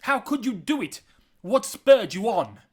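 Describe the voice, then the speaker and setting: Brief: a furious young avenger, cold menace that breaks into high roaring , as a man reads him. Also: normal speed. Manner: cold calm menace turning to shouting.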